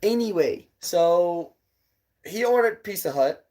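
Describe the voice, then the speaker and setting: A man's voice: high-pitched, expressive, slow pace, darkish tone. A man in his twenties co-hosting a podcast, telling a rambling, laughing story in casual chat, swearing as he goes. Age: 20s. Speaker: podcast co-host.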